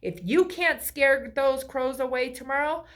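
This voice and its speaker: A woman's voice: sits high, unhurried. Stern farmer, as a woman reads him. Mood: scolding. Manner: scolding. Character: stern grumbling male farmer.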